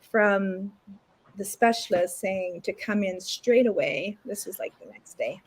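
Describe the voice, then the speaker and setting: A middle-aged woman from Canada tells her own story to an interviewer in relaxed, everyday speech. She brings other people in to life by quoting them, jumping up into livelier voices for them. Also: mid-range voice, measured pace. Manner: animated retelling with lots of acted quotes. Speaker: interview guest. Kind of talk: casual storytelling.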